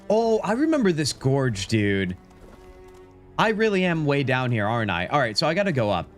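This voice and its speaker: A young man giving excitable, chatty live commentary while playing a game, often talking to his chat and saying "dude". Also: fairly high pitch. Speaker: streamer.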